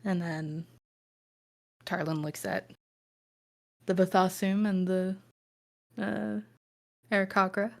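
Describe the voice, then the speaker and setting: A woman's voice: medium pitch, little pitch movement, slow, vocal fry, long pauses. A woman narrating as game master of a tabletop game, rambling with many fillers and restarts.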